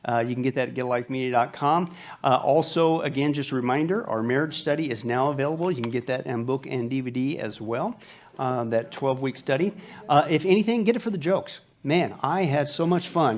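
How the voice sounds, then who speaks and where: A male pastor giving church announcements with jokes and then leading a prayer in a sanctuary. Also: medium pitch. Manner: joking, upbeat announcer turning to hushed prayer.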